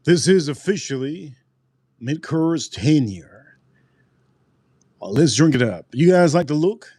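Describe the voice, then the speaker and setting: A man's voice: fairly high pitch, lively intonation, slow, warm tone, slightly rough, no echo. A man hosting a casual live stream, rambling and repeating his phrases as he talks straight to his chat. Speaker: livestream host reviewing drinks.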